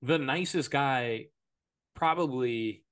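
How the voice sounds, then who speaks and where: A man's voice: medium pitch, slow, fairly bright tone, clean tone. A man hosting a podcast, recapping a movie plot in a casual, joking, rambling way full of filler words. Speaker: podcast host. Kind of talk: casual movie-review chat.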